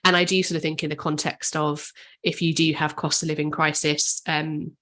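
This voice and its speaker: Woman co-host, low-pitched, even delivery, chatty and tentative. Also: moderate pace. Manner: hedging, thinking aloud with many "sort of"s. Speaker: podcast co-host. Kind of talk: casual discussion.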